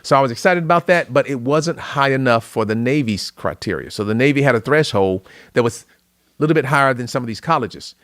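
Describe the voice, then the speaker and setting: A middle-aged man from Louisiana, a podcast guest, telling an emotional personal story in an earnest, animated way. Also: mid-range voice, brisk, no room sound. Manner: earnest, tearful at moments, animated retelling.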